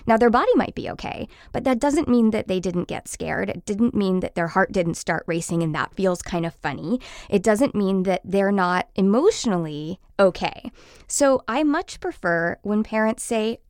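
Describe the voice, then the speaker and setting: A woman in her thirties hosting a parenting podcast, explaining advice to parents in an earnest, steady way. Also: mid-range voice, normal speed, no room sound, studio quality.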